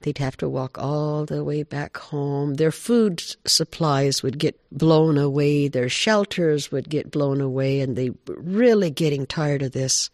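Expressive man telling a folk tale. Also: fairly high pitch, measured pace, hardly any pauses, no echo, clean studio sound. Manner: expressive, animated. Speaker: storyteller.

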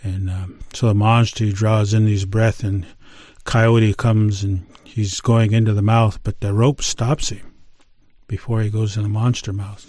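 A middle-aged man telling a traditional creation story in an unhurried, conversational way, with fillers and restarts. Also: fairly low pitch, level tone, a little mellow, dry recording. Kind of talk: oral storytelling of a traditional tale.

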